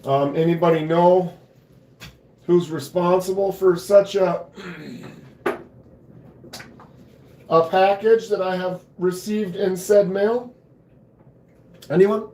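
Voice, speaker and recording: A hoarse man chatting casually with his live viewers, laid-back and unhurried, pausing to clear his throat now and then. His voice sits a little high for a man, and the room around him sounds echoey. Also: steady tone, warm tone. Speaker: knife channel host. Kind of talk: casual live stream chat. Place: home knife room.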